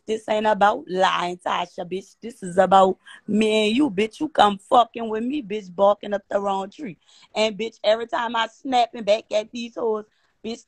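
A woman talks back in a sassy, profane stream of insults. Her voice is fairly high and close, with a dry, roomless sound. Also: no room sound. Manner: sassy, profane, punctuates with "bitch". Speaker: caller on a live stream. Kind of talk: heated social media rant.

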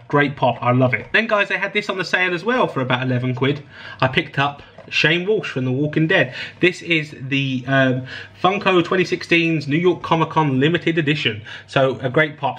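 An excited man talks his viewers through an unboxing in a casual, chatty way. His voice sits a little high and sounds bright and forward. A slight huskiness runs under it. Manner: enthusiastic, chatty, addresses viewers as guys. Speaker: host.

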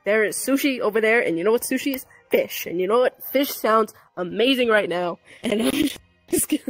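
A woman's voice: fairly high pitch, expressive, normal speed, no room sound, soft background music, low-quality recording. A woman playing a giggly young woman who gets flustered and dodges questions about her crush, in a fan audio drama. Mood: flustered, chatty. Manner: giggly, evasive, deflecting with food.

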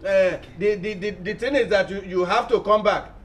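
A man's voice: high-pitched, normal speed, natural voice. An actor in his sixties playing an evasive retired chief in a sitcom, with a Nigerian accent and a coaxing, dismissive manner. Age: 60s. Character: evasive older male debtor, a retired chief. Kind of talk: sitcom acting.

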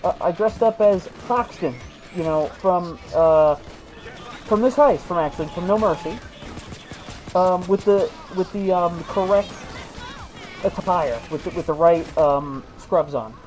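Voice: mid-range voice, unhurried, darkish tone, low-quality recording. A video game host chatting casually while playing, rambling through stories with many restarts. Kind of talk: casual let's-play commentary.

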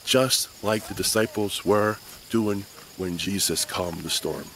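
A man teaching Sunday school, telling a Bible story to children in an animated way and checking in with them. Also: fairly low pitch, slow, slight background noise. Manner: animated storyteller who keeps checking in with the kids.

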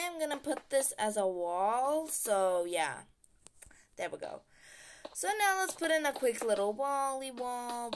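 A woman's voice: medium pitch, slight background noise. A woman giving casual, playful game-tutorial commentary, chatting and humming sound effects as she builds. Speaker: gaming channel host.

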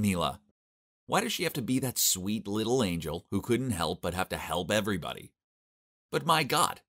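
Young male narrator, deep voice, exasperated and complaining, scripted animated-story read.

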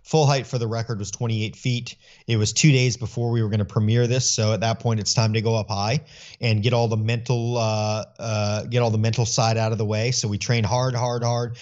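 A middle-aged man speaking earnestly in an interview, telling stories with animated voicing of his own thoughts. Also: medium pitch, highs cut off. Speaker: guest. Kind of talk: conversational interview.

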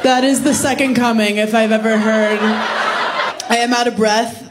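A woman stand-up comedian in her thirties teasing the audience with brash, quick banter on a club stage. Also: on the high side, steady tone. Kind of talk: stand-up crowd work. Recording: live club recording with crowd noise. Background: audience laughter and noise.

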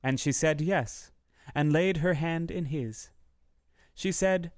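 A man reads a fairy tale aloud in a steady, measured way. His voice sits a bit high for a man. The recording is close and dry, with no room sound. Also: no room sound. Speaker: narrator. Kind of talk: storybook reading.

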